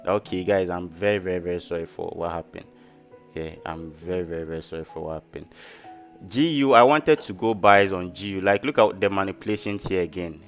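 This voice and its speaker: A man's voice: low voice, a little fast, soft background music. A man hosting a casual trading live stream, chatty and repeating key phrases for emphasis. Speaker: trading livestream host.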